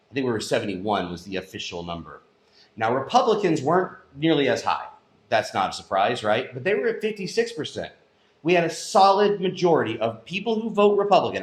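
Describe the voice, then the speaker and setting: A man's voice: medium pitch, fairly bright tone. Impassioned male news commentator, roomy sound. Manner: impassioned, emphatic. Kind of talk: opinion commentary monologue.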